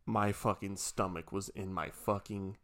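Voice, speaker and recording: A young man, a podcast co-host, telling a long story in a hushed, drawn-out way and swearing freely. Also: sits low, fairly even intonation. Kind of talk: casual storytelling.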